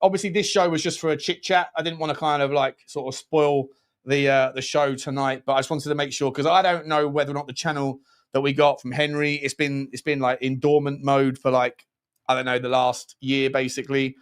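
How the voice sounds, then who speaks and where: A man's voice: mid-range voice, flat delivery, a little fast. Give me a man hosting a football channel, rambling and joking through a casual livestream chat. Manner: rambling and jokey, lots of restarts.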